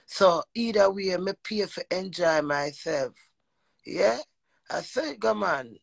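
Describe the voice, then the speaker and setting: A woman with a Jamaican accent telling a personal story in an animated monologue, emphatic and profane, often slipping into quoted speech. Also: on the low side, slow, vocal fry, husky, no echo, low-quality recording. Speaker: vlogger.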